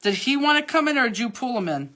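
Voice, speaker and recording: A woman's voice: fairly high pitch, sing-song, fast, fairly bright tone. Chatty woman teaching a crafting class. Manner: chatty, instructive, teasing asides. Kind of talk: live online card-making class, casual chat.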